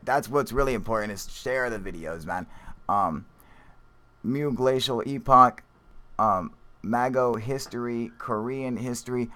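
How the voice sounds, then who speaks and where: A man's voice: fairly low pitch, unhurried, fairly bright tone. A man hosting a live stream, chatting casually and reading viewer comments, rambling and swearing with frequent laughs. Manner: profane, rambling, laughs often.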